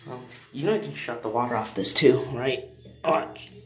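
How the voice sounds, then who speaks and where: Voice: medium pitch, moderate pace, faint music behind. A channel host giving a rambling, easily amused show-and-tell of a toilet, filmed on a phone in a bathroom. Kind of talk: casual show-and-tell vlog. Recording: echoey room with running water.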